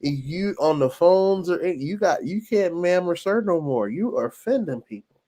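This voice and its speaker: A Southern man with a Southern American accent, a relaxed guest on a casual chat stream. His voice rides high and swings a lot. He laughs often and talks loosely. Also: moderate pace.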